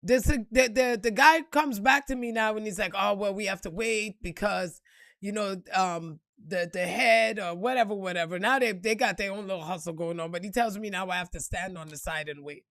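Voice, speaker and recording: A woman's voice: medium pitch, normal speed, fairly bright tone, no echo, clean studio sound. A woman telling a personal story in casual, profane vlog style, acting out the quotes and laughing along.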